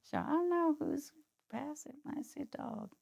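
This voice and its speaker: A woman's voice: high-pitched, lively intonation, moderate pace, vocal fry, darkish tone. A woman working as a psychic medium, chatting casually on a podcast, laughing often and acting out quoted voices.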